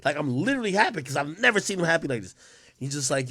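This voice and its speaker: A man hosting a casual livestream, telling stories in a rambling, animated way with many fillers. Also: mid-range voice, fast. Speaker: livestream host.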